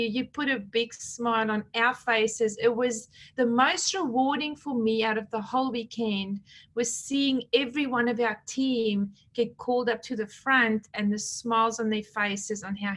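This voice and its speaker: A chatty middle-aged woman speaks with a slightly higher voice. She gushes over her team and recounts stories in a loose, personal way. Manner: warm, gushing, chatty, retells conversations. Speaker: team leader presenting awards. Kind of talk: casual talk to her team, recapping an awards event.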